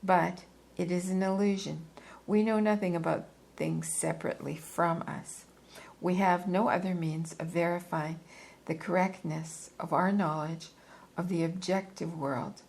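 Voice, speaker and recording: Female reader, low gravelly voice, unhurried and deliberate, reads a philosophy text with occasional asides. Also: steady tone, a little mellow, poor audio. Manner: measured, deliberate reading with occasional asides and self-corrections. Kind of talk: reading a philosophy book aloud.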